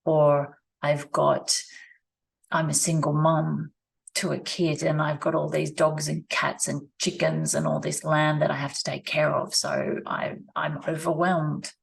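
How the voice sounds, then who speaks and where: A woman, talking slowly and reflectively in a personal vlog, repeating her phrases as she thinks aloud at her rural home. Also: sits low, level tone, creaky, husky. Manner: slow, musing, repeats phrases. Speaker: vlogger. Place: rural home with animals nearby.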